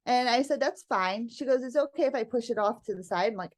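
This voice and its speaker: A middle-aged woman with a fairly high voice tells a family story as a guest. She speaks in a lively, animated way, laughing often and acting out the voices of her kids and husband. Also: quick pace. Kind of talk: casual storytelling interview.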